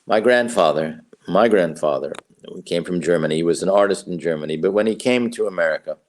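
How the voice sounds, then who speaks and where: Older guy, very deep voice, wry storytelling writing lecture, repeats phrases for effect. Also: brisk. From New York. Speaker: writing professor. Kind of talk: master class talk.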